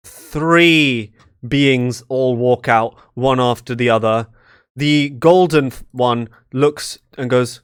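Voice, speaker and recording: A man's voice: mid-range voice, fairly bright tone, clean tone. Young male game master, informal narration, rambling delivery. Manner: loose, with many fillers and restarts. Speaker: dungeon master.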